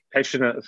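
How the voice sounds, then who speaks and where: A man from New Zealand with a New Zealand accent, a guest rugby player chatting casually, often saying "mate" between halting fillers. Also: bright, forceful tone, no room sound. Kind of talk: casual interview chat. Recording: dull, dry lo-fi audio.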